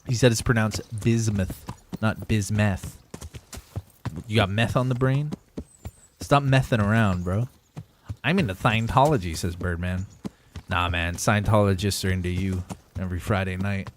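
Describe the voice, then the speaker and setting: A young man with a fairly low voice chats through a live gaming stream, joking and rambling with his viewers. His banter is loose and profane, spoken close to a desk microphone. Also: unhurried, pauses often, noisy background. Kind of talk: casual gaming livestream chat.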